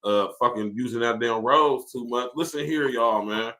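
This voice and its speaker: A man's voice: medium pitch, normal speed, sharp tone. A man hosting a podcast, ranting in a casual, profane way, laughing often and reading viewer comments aloud. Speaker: podcast host. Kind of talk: casual livestream rant.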